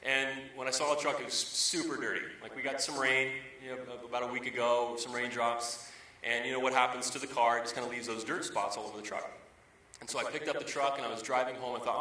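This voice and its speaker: In a church sanctuary, a pastor in his thirties gives a conversational sermon, telling everyday stories and driving points home by repeating key phrases. His bright, forward voice is medium-pitched, fairly even in intonation and quick. A distant mic in the reverberant hall makes him sound roomy.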